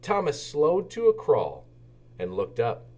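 A man reading a children's storybook aloud, with expressive, animated narration. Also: fairly high pitch, slow pace. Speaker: children's book reader.

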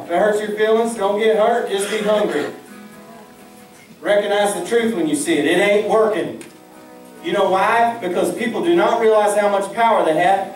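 A man preaching with folksy fervor at a church service, leading his congregation in call-and-response prayer. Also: high-pitched. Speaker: pastor. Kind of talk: fervent preaching. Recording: echoey church from a distant mic with music.

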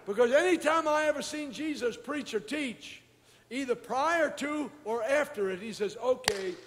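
A man preaching a sermon as pastor, moving between quiet storytelling and shouted exhortation. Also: extremely high pitch, long reverb tail.

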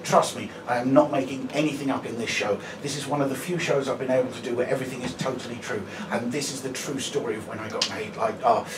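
A stand-up comedian in his forties tells a chatty, self-deprecating story on a comedy venue stage, peppering it with "right?". His medium-pitched voice is fairly even and fast, with hardly any pauses. The live room is reverberant, the mic sits at a distance, and the audience is loud.

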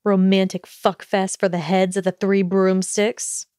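A bitter, sharp-tongued young wizard speaks in a slightly lowered, unhurried voice, as a woman reads him in an audiobook. His words come out scornful and biting. The recording is close and dry, with no room sound. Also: little pitch movement, no room sound, close to an everyday voice. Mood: spiteful.

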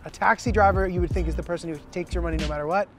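A young man narrates his travel vlog in a casual, amused way, like he's telling a story to friends. His voice sits noticeably high for a man. Music plays clearly underneath. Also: rapid-fire. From United States. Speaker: vlog host and comedian.

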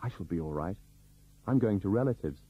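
A man's voice: lowish voice, expressive, brisk, slightly rough, lo-fi sound. A man voicing an earnest young woman traveller. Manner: earnest, persistent.

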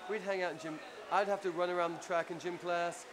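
A man with a New Jersey accent telling a rambling, profane story in a casual, animated way after a show. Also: sits high, fairly quick, a crowd in the background. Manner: profane, rambling, animated anecdote with acted-out quotes. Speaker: punk band frontman telling a story. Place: crowded club after a show. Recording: noisy live club recording.

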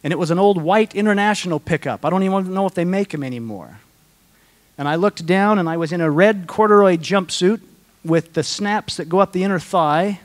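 A man's voice: high voice, brisk. Earnest man telling a heartfelt story. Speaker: conference speaker. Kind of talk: conference Q&A answer.

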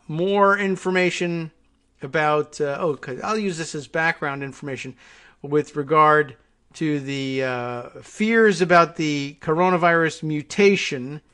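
A man's voice: on the high side, a bit bright, smooth. A man from the United States hosting a casual solo talk show, rambling and wry, full of asides and restarts. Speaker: political talk show host.

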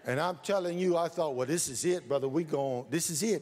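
Animated preacher, tells stories and shouts. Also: male voice, fairly high pitch, fairly quick, hardly any pauses, long reverb tail. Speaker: pastor. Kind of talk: sermon.

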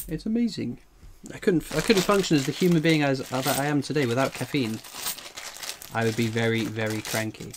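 A man's voice: mid-range voice, background noise. A man hosting a casual coin-collecting livestream. He reads chat messages aloud and rambles in a jokey way, jittery from strong coffee. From England.

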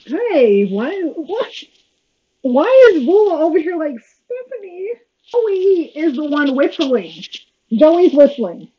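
A woman's voice: sits high, very animated, slow. Sarcastic woman reacting to a show. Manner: sarcastic, exasperated running commentary. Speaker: reaction video host. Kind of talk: casual watch-along commentary. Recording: slightly dull lo-fi audio with faint noise.

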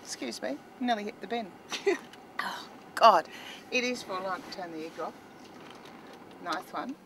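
A woman's voice: mid-range voice, lively intonation, unhurried, fairly bright tone, slight background noise. An Australian woman in a car, talking in an anxious, exasperated, self-mocking comic monologue. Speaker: columnist.

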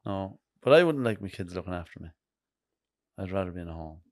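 A man's voice: low voice, expressive, fast talker, a little mellow, dry recording, studio quality. A middle-aged Irish man on a podcast, wry and blunt, often dropping to a mutter. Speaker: guest. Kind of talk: casual podcast chat.

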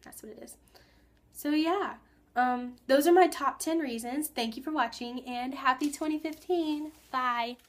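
A teenage girl talks straight to her viewers in a loose, chatty vlog. Her voice sits a little on the high side, and she rambles with fillers and asides, getting excited as she goes. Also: a little slow, background noise. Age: teens. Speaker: vlogger. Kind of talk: casual vlog chat.

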